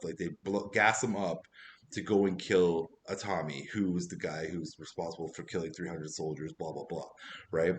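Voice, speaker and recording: Chatty low-voiced man reviewing a movie. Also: moderate pace, slight background noise. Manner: rambling and chatty, with frequent asides. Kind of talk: casual spoken movie review.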